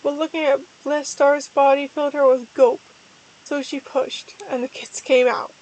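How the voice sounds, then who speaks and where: Brief: woman, high-pitched, parody dramatic reader, mock-earnest with deliberate slips. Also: level tone, a little mellow, a little hiss or hum, poor audio. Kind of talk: parody dramatic reading of a fan story.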